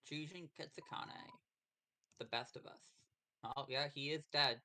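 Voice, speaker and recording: A man's voice: on the high side, measured pace, background noise. A man playing a game on a stream, chatting casually with dry, wry remarks.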